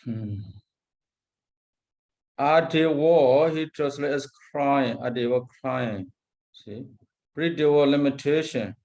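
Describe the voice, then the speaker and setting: A man teaching as a Buddhist monk, lecturing on a Pali text, repeating terms and pausing often. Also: medium pitch, a little mellow, muffled recording. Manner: slow, repeats Pali terms, frequent hesitations.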